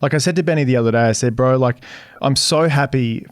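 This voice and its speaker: A man's voice: mid-range voice, fast talker, no room sound. A young Australian man speaking openly and casually as an interview guest. He scatters "like" through nearly every sentence. His voice sounds dry and close to the mic. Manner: open, filler-heavy, lots of 'like'. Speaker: business founder guest.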